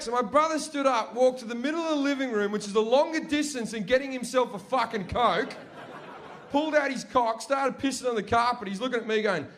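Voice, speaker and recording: A young male stand-up comedian with a very high voice tells a profane story at a fairly quick clip, animatedly acting out his family members' voices. He's performing on a comedy stage before a live audience, and the recording carries a slight hiss or hum.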